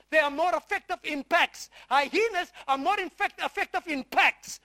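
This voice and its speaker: High-pitched, bright, slow emphatic preacher. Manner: repeats phrases, quizzes the audience with questions; emphatic, stretching key words slowly. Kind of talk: sermon with Bible reading.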